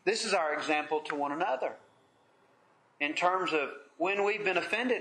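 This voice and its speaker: A man preaching a sermon in an earnest, measured way, pausing often as he leads a Bible study. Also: a little high, fairly bright tone, reverberant.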